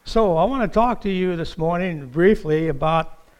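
An older man preaching a sermon as pastor in a church, slow and halting, with many fillers. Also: high-pitched, a little mellow, smooth.

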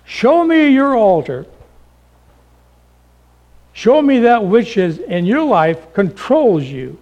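A middle-aged male pastor preaching a sermon, dramatic, acting out voices and swinging between loud calls and hushed lines, calling the listeners folks. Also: high-pitched, big pitch swings, takes it slowly, muffled recording. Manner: addresses the congregation as folks.

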